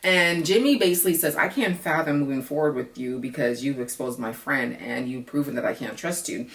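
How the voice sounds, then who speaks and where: A woman's voice: a bass voice, a little fast. A woman giving a blunt, profane, sassy casual recap of a reality show from her apartment. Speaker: reality TV reviewer. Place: apartment at night, noisy renovations upstairs. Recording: echoey room, mic at a distance.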